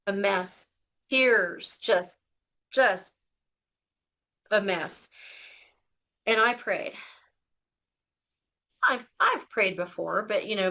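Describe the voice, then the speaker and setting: A woman's voice: mid-range voice, pushed and bright, low-quality recording. A woman telling her personal story as an interview guest, earnest and emotional, often restarting her sentences.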